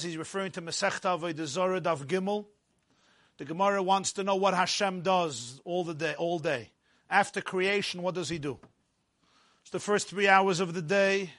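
A man tells a personal story in the first person, measured and dramatic. His voice sits high for a man and sounds bright and forward. He often eases into softer, quieter passages.

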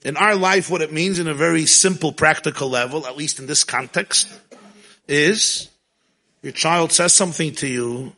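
A man teaching a Torah class, telling stories in a lively way and mixing in Hebrew and Yiddish terms. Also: fairly high pitch, normal speed.

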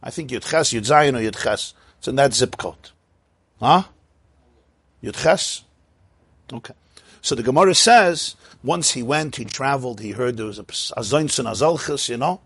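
Animated, husky-voiced man teaching Talmud. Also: mid-range voice, normal speed, no room sound. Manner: lively storytelling with laughing asides; mixes Hebrew and Yiddish terms into English. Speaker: Torah teacher. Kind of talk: Talmud and Chassidus class.

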